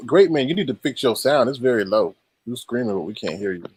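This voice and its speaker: A man's voice: mid-range voice, lively intonation, quick pace. A man on a casual chat show who complains and needles the host in a bantering way.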